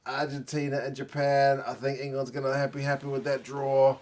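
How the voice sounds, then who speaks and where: A man's voice: medium pitch, little pitch movement, normal speed, few pauses, a little mellow. A man giving live reaction commentary, thinking aloud with gasps and exclamations, tired late at night. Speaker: rugby channel host.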